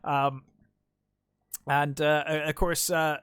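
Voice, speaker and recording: A man's voice: on the high side, little pitch movement, slow pace, a bit bright, clean tone, no echo, studio quality. A man co-hosting a film podcast, casually retelling scenes and acting out the characters' lines. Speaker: podcast co-host.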